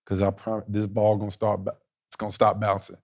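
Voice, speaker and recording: A man's voice: fairly low pitch, completely flat delivery, brisk, darkish tone. A man giving a blunt, slangy motivational talk to young players at a basketball camp. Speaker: guest speaker at a youth basketball camp.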